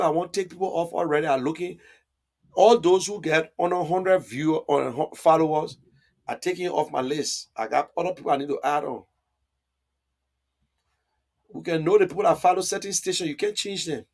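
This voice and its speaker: This political live stream host talks back to his viewers' comments a little fast, in a slightly mellow voice that's fairly high for a man. He's argumentative and emphatic, repeating himself to drive points home.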